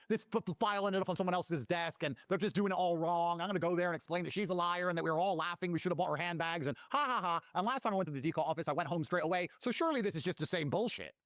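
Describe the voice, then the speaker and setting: Guy talking fast and swearing a lot, big swings in his voice, dry close sound. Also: a little high, no room sound. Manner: profane, acts out quoted dialogue. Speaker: guest telling his story. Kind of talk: animated storytelling.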